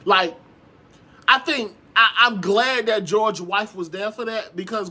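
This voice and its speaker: A man with a high voice recaps reality TV in sassy, animated casual commentary. He calls his viewers "girl", repeats himself for emphasis and swears freely. His tone is bright and sharp. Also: unhurried. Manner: frequent profanity and emphatic repetition.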